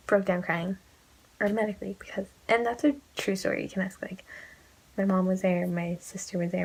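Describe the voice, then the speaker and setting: A woman's voice: mid-range voice, a little mellow, a little hiss or hum, poor audio. A young woman gushing about a book in a casual vlog, emotional and casually swearing, often dropping into whispers. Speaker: book vlogger.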